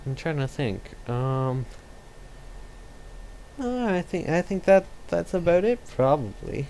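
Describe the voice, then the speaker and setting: A man's voice: on the high side, lively intonation, takes it slowly, a little mellow, a little hiss or hum. A man co-hosting a casual podcast chat, rambling in a laid-back way with fillers and laughs. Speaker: podcast co-host.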